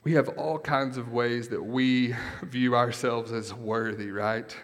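A man's voice: mid-range voice, fairly even intonation, slow. Man preaching in an echoey hall. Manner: conversational, keeps asking "right?". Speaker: pastor. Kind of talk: sermon.

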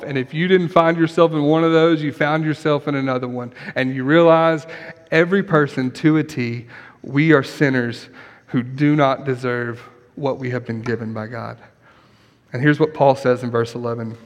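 A man preaching an earnest sermon as pastor, then leading a quiet prayer. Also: medium pitch, fairly even intonation, a little slow. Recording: long hall reverb.

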